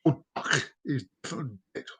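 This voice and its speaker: A man voicing an apologetic male vet who calmly delivers bad news. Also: fast, lightly acted. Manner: sorry, matter-of-fact.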